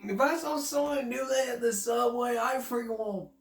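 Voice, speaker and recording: A man's voice: extremely high pitch, normal speed. A man hosting a casual video commentary show, laughing constantly as he talks. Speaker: host. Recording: roomy echo.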